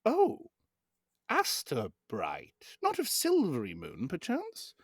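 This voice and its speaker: Man putting on a high, airy French-accented fiend. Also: wildly swooping pitch, takes it slowly, breathy edge, no echo, clean studio sound, exaggerated voice. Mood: suave. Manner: airy, overly polite. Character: genteel fiendish male arcanoloth merchant, smooth and polite.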